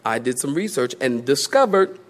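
A man preaching a sermon as pastor in a church, emphatic and animated, with humorous asides. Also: medium pitch, moderate pace.

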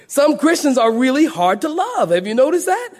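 A middle-aged male pastor preaches a sermon in a fairly high voice at a moderate pace. Very animated, he tells stories with lots of movement, dropping to a soft, low murmur before climbing back to loud, raised lines.

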